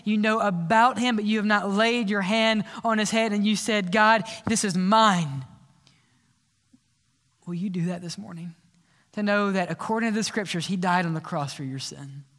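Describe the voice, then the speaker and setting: An older man preaching an impassioned sermon in a church, swinging from loud appeals to hushed pleas. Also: sits high. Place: church sanctuary. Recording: long church hall reverb.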